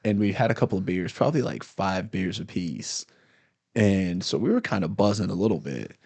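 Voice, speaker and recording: A man's voice: sits low, moderate pace, gravelly, slightly rough, dry recording. A man, a comedian, telling a story in casual chat and acting out the angry people in it. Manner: animated storyteller, acts out angry cops loudly. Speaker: comedian guest.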